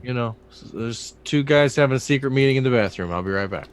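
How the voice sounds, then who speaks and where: A man playing a tabletop role-playing game, joking around loudly, partly in character. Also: mid-range voice, fast talker, a little hiss or hum. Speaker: player.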